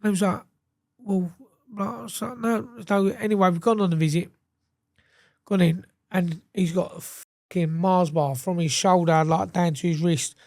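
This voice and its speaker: A man's voice: high-pitched, moderate pace, no echo, clean studio sound. A man, a podcast guest telling blunt stories full of swearing and restarts. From England. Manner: blunt, swearing, animated storytelling with repeated restarts. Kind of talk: casual chat.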